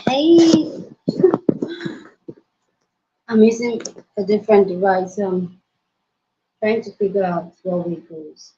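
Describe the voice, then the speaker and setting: A woman hosting a casual livestream from her mobile phone, hyper, excitable and loud as she greets her viewers. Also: mid-range voice, moderate pace, pauses often. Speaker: livestream host. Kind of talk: casual live-stream chat. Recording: roomy, dull lo-fi phone audio.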